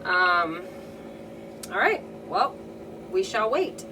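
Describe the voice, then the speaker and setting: This woman, a DIY crafter from the Midwest, draws out her words and swings widely in pitch from a lowish base as she casually explains a restoration project to viewers. Her Midwestern American accent comes through, and the distant mic lets room noise in.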